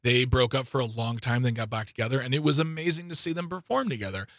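A man hosting a radio show, chatting casually and playfully with a co-host, with lively swings in pitch. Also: quick pace, no room sound, clean studio sound. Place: radio studio. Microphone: studio microphone.

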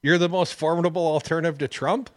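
A man's voice: a little high, steady tone, fast, no room sound. A man hosting a radio show, reading news stories and cutting in with sarcastic asides. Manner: sarcastic, wisecracking. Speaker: radio host.

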